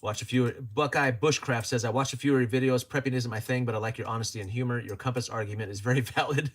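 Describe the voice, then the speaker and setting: A man's voice: mid-range voice, steady tone, fast talker. Joking man hosting a livestream. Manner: chatty and joking, laughs often. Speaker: livestream host. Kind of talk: casual livestream chat, reading viewer comments.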